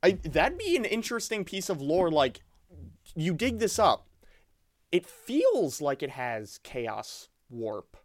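A man's voice: a little high, huge pitch swings, slow, no echo, clean studio sound. A man co-hosting a podcast, chatting casually and eagerly, often restarting his sentences and saying "like". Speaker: podcast co-host. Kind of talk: casual chat.

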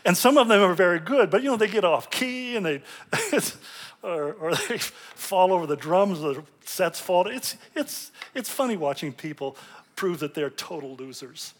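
A man's voice: high-pitched, expressive, measured pace. A male pastor giving a conversational sermon, telling stories with light humor and often restarting and repeating words as he builds a point.

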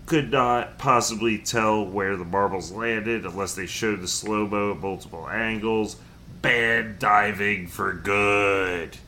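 Bright-voiced podcast host. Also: male voice, lowish voice, a little slow, few pauses, slight background noise. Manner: reads emails aloud with fillers and jokes. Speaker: podcast host reading listener emails. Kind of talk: casual podcast chat.

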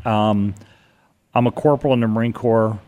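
An older man from Connecticut, telling a long personal story in a rambling, animated way, with many restarts. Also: on the low side, moderate pace, highs cut off. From Connecticut, USA. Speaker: guest telling a ghost story. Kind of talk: casual storytelling on radio.

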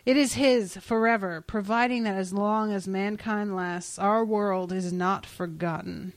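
A woman's voice: medium pitch, steady tone, measured pace, dry recording, close to an everyday voice. A woman voicing a regal male caliph of old Baghdad, solemn and formal. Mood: proclaiming.

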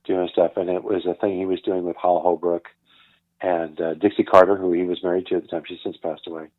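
A man's voice: low-pitched, a little fast, no room sound. An older man, a guest actor and producer, telling stories casually in an interview and acting out the people he quotes. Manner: animated storyteller who acts out the people he quotes. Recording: tinny phone-like line, dry.

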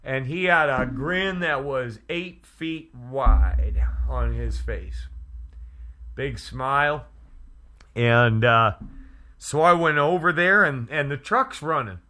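A man who is a pastor, telling an earnest testimony story slowly and with emphasis. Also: mid-range voice, sharp tone.

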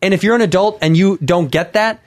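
A comedian hosting a podcast, talking loosely and profanely in casual chat. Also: male voice, high-pitched, fairly quick, no echo.

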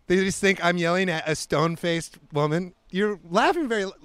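Man, podcast host, teasing, jokey, high voice, dry close sound. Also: fairly bright tone, clean tone, no room sound. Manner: joking, teasing, quick asides. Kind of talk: casual chat. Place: outdoors.

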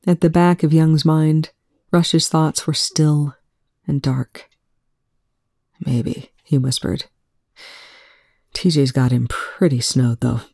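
A woman reads fiction aloud, slow and soft-spoken. Her low voice has a gravelly fry and a dark, mellow tone. The sound is close and dry. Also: little pitch movement, no room sound. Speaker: fan fiction reader. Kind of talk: reading fiction aloud, then casual commentary.

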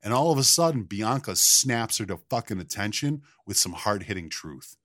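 Low-voiced guy ranting about wrestling, swears a lot, super animated, dry mic. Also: moderate pace, no echo. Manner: animated, profane, storytelling. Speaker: podcast co-host. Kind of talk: casual wrestling talk.

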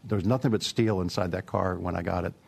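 Man, middle-aged, low voice, gravelly, easygoing anecdotal interview answers. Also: steady tone, fast, a little mellow. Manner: easygoing, anecdotal, many fillers. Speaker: automotive product executive.

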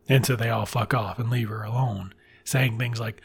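A man with a gravelly, deeply husky voice recaps a classic tale in a loose, offhand way. He is sardonic and irreverent, dropping swear words freely. His pitch sits in an ordinary middle range. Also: steady tone, normal speed. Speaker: storyteller. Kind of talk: casual profane retelling of a classic story.

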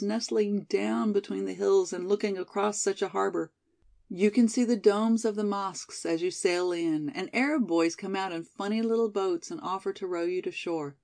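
A woman's voice: mid-range voice, darkish tone, close to an everyday voice. A woman voicing a passionate, dreamy young college girl in a storybook reading, pleading and rapturous by turns.

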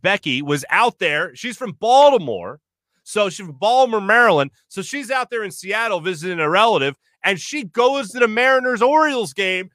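Chatty bright-voiced sports radio man. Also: high voice, dry recording, studio quality. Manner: rambling, chatty, self-interrupting with fillers; reads listener comments aloud. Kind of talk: casual sports talk show.

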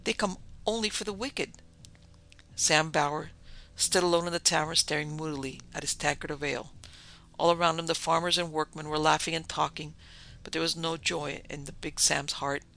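Male narrator, dramatic storybook read, bright and fairly high. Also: flat delivery, brisk, creaky.

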